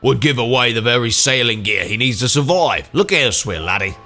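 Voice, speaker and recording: A man voicing a gruff, stubborn old sailor while playing a video game. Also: medium pitch, expressive, a little fast, pushed and bright, faint music behind. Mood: scolding. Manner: gruff and scolding. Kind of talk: let's play voicing game dialogue.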